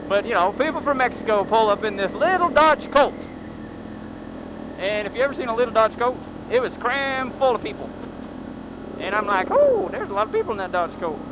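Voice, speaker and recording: A man's voice: extremely high pitch, very animated, fairly quick. A man casually telling a rambling story while riding a motorcycle on a forest trail, correcting himself as he goes, recorded on a helmet camera. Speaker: motovlogger. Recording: engine and wind noise. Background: motorcycle engine noise.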